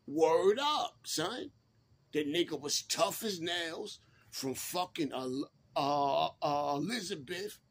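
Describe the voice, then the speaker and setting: A man's voice: on the high side, animated, slow pace, a little hiss or hum. A man, casually telling a prison story in laid-back street slang and repeating himself.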